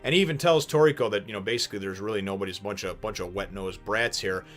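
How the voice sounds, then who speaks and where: Rambling low-voiced man reviewing a manga. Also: fast, soft background music. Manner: rambling, lots of fillers and restarts, animated bursts. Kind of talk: casual chapter review.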